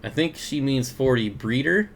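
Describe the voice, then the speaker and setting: A man's voice: mid-range voice, expressive, moderate pace, a little hiss or hum. A young man hosting a casual aquarium livestream, greeting viewers by name and reading their comments with frequent chuckles. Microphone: desk mic.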